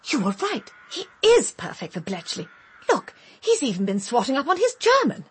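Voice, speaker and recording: Woman as a posh lady detective, raspy, bouncy pitch, breezy and theatrical. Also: huge pitch swings, normal speed, exaggerated voice. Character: plucky posh wartime English lady sleuth, scheming. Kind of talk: comic radio-play acting.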